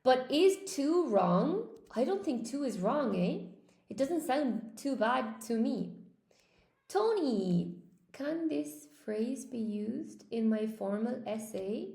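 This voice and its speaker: A woman's voice: sits high, expressive, takes it slowly, creaky, warm tone, echoey room. An Irish woman and English teacher running a live-stream lesson, chatting with viewers, thinking aloud and reading out their comments. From Ireland.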